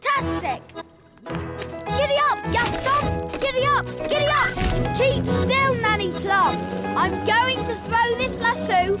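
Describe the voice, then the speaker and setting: A woman's voice: extremely high pitch, lively intonation, slow pace, over loud music, exaggerated voice. A woman voicing a brave, eager little elf boy in a cartoon. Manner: eager, boyish.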